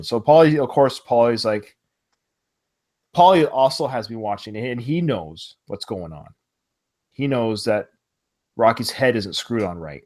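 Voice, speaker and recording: A man's voice: medium pitch, a little slow, pauses often. Chatty man retelling a boxing movie. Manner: animated, quotes movie lines in retelling. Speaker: podcast co-host. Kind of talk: casual film discussion. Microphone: remote call.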